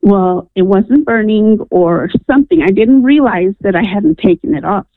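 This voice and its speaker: A woman's voice: mid-range voice, normal speed. Woman caller telling her story over a tinny phone line. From New Mexico, USA. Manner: earnest, animated storyteller acting out voices. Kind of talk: personal story told on a call-in show.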